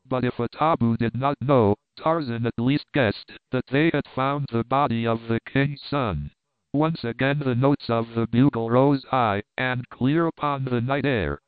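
A man reading an adventure story aloud in a steady, measured narration. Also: medium pitch, clear, resonant tone, dry recording. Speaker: audiobook narrator. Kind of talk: scripted narration. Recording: dry, tinny phone-like sound.

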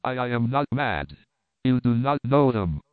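A man's voice: medium pitch, big pitch swings, unhurried, clean tone, no room sound. A man reading as a timid frightened guide. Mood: fearful. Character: fearful male native guide, timid and superstitious. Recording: dry, tinny phone-like sound.

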